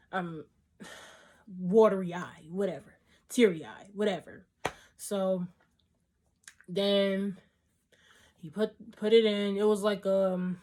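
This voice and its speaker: A woman's voice: on the low side, darkish tone. A young woman vlogger casually telling a story to her camera, rambling with lots of fillers and acting out what people said. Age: young adult. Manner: rambling, filler-heavy, acts out quoted dialogue.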